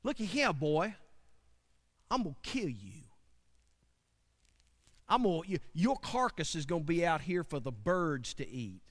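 A man's voice: a little high, sing-song, unhurried, long pauses, big-room sound. A man voicing a boastful male giant warrior who mocks and taunts his young opponent, in a retold story. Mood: threatening. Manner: mocking, shouting taunts.

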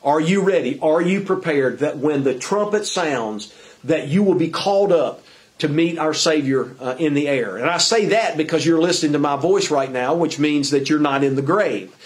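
A male preacher delivering a sermon with earnest urgency. His voice sits a little high for a man, and he stumbles, restarts and fills pauses as he presses his point. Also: lively intonation. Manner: earnest, halting, with many fillers and restarts. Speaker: pastor.

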